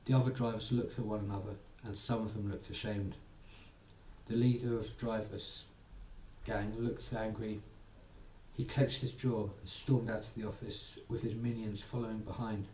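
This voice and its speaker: A man narrating a soothing bedtime story, gently voicing its characters. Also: lowish voice, level tone, normal speed, a little hiss or hum. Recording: echoey room, distant mic, faint ambience.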